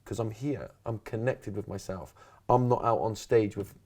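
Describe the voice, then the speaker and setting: A man's voice: fairly low pitch, moderate pace. A man, a coach being interviewed on a podcast, telling his story animatedly and acting out the quotes. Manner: animated storyteller, acts out quotes, many "right?" and "yeah?" tags. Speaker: podcast guest, resilience coach.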